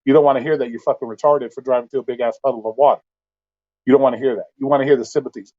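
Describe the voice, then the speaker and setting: A man's voice: mid-range voice, fairly even intonation, racing, dark tone, dull audio. A man hosting a casual livestream, ranting bluntly with heavy profanity and exasperation. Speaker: livestream host.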